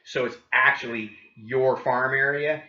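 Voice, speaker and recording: A man's voice: medium pitch, fairly even intonation, measured pace, bright, forceful tone, roomy sound, lo-fi sound. A man coaching real estate agents in an upbeat training talk, often checking in with "right?" and acting out doorstep scripts. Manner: upbeat, keeps asking "right?".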